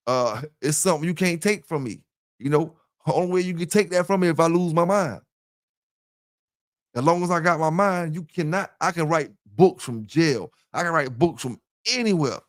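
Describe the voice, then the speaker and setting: Talking straight to viewers, a man hosting a dog kennel channel rambles through a casual livestream on a headset mic with earphones. His voice is a little high at normal speed, captured clean, studio-like and without echo.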